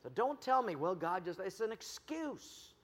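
A man preaching a sermon as pastor, animated, telling stories and putting on voices for the people he quotes. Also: high voice, a little slow. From United States. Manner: animated storytelling with jokes and acted quotes. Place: church. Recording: long reverb of a church hall.

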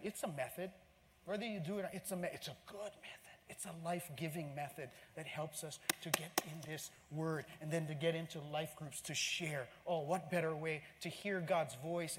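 High-voiced, animated preaching man. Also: a little hiss or hum. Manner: animated, exclamatory, swings between shouting and hushed asides. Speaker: pastor. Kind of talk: sermon. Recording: long hall reverb, faint room ambience.

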